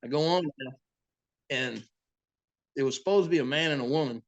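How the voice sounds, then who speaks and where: A boat captain, a man, telling sea stories in a casual, profane, animated way as an interview guest. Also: mid-range voice, a little fast, lo-fi sound. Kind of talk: casual storytelling.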